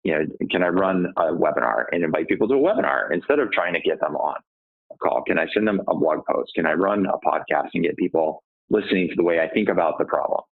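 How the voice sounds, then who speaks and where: A man's voice: deep voice, animated, fast talker, vocal fry. Man sales coach on a tinny phone line. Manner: asks rhetorical questions and answers them himself. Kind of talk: podcast interview answers.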